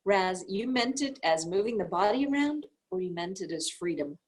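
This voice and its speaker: Woman reading a workbook transcript out loud, kinda husky, voice goes all over the place. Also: medium pitch, moderate pace, low-quality recording. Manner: lively, expressive reading with speaker labels. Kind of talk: reading aloud a class transcript.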